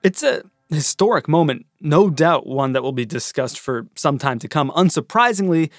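A man hosting a news podcast, guiding the interview with brisk questions. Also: a little high, animated, dry recording, clean studio sound, soft background music. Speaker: podcast host.

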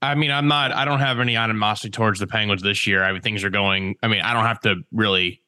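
A man, producer of a podcast, with a bright, smooth, resonant voice. The sound is dry and close, and he speaks in a hesitant, measured way. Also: lowish voice, fairly even intonation, dry recording. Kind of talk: casual podcast chat.

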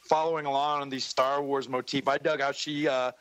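A man's voice: medium pitch, little pitch movement, fairly quick, fairly bright tone, clear, resonant tone, no room sound, rough recording. A man joins as a guest co-host in a casual chat. He talks hesitantly, stopping and restarting his sentences often. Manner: hesitant, many restarts and fillers.

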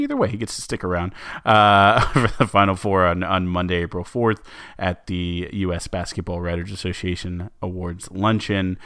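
A man's voice: deep voice, a bit bright, clear, resonant tone, dry recording, clean studio sound. A man co-hosting a sports podcast, chatting casually with lots of fillers and restarts. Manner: chatty, many fillers and restarts, laughs easily. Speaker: podcast co-host.

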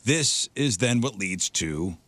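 A man's voice: on the low side, animated, slow pace, fairly bright tone, dry recording. A man hosting a radio show, reading a segment aloud with laughing asides in casual banter.

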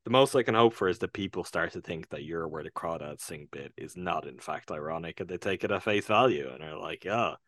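Give me an Irish man with a very low, deep voice, retelling a film on a casual podcast in an earnest, thoughtful way with small hesitations. The sound is close and dry, with no room around it. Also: a little fast, few pauses, fairly bright tone, no room sound. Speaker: podcast co-host reviewing films. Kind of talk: casual conversational film review.

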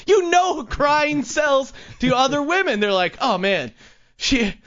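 Animated high-voiced male host, mocking. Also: slow pace, lo-fi sound. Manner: playful, mocking, laughs often. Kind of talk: comedic commentary on clips.

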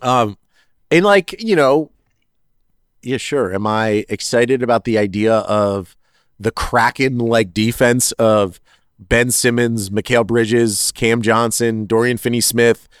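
A man in the middle of his range co-hosts a casual sports podcast. He rambles in an animated way and corrects himself as he goes. The sound is very dry and close. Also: medium pitch, slow pace, clear, resonant tone, dry recording. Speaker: podcast co-host.

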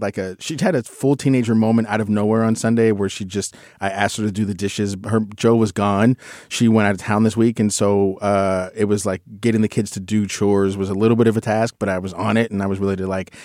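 Rambling low-voiced man in casual chat. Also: darkish tone, no echo, studio quality. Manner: rambling, self-correcting. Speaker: podcast co-host.

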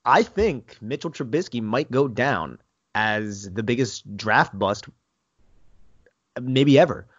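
A man's voice: medium pitch, lively intonation, slow, husky. Easygoing man with blunt hot takes. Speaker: podcast co-host. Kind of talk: casual sports podcast chat. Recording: dry, dull lo-fi sound.

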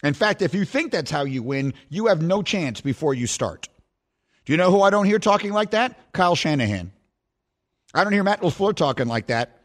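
A man's voice: fairly high pitch, big pitch swings, moderate pace. A male sports radio host delivering emphatic, scornful commentary.

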